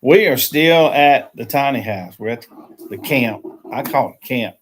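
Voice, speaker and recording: A man's voice: medium pitch, lively intonation, measured pace, background noise. Easygoing man chatting over coffee. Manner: easygoing, laughs often, greets viewers by name. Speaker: livestream host. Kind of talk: casual morning chat. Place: small shed used as a tiny house.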